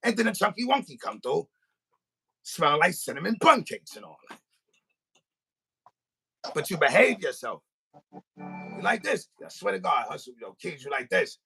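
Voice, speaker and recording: A man's voice: a little high, very animated, normal speed, gravelly, long pauses, pushed and bright, husky, faint music behind. A man hosting a podcast, telling a comic story in a rant and acting out both sides of a phone call. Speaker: podcast host. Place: recording studio.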